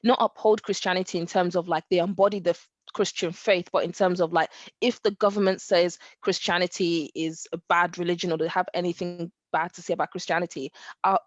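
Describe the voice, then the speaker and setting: Animated woman podcast co-host. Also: on the low side, brisk, no echo, highs cut off. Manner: animated, acts out quotes, laughs. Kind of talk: casual faith discussion.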